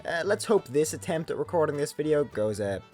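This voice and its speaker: A young Irish man hosting a comedy vlog, narrating a script with sarcastic deadpan asides. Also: fairly high pitch, fairly quick, faint music behind. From Ireland. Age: young adult.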